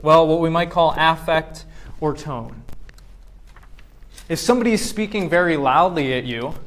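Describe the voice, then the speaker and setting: A male professor giving a classroom lecture, firing quick questions at his students and acting out voices to make his points. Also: on the high side. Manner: acts out voices to demonstrate points.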